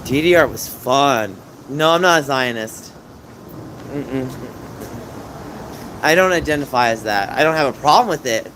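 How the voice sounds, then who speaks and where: Out on the city streets at night, a man in his thirties talks to his livestream audience, reacting casually and with emotion to the comments he reads. He speaks at a medium pitch, expressive and a little slow, pausing often, with a slightly bright tone; the recording is low quality and traffic noise fills the background.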